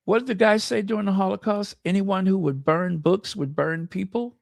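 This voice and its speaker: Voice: mid-range voice, normal speed, gravelly, no echo, studio quality. An American host giving impassioned, emphatic livestream commentary and reading viewer comments aloud. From United States. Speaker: channel host.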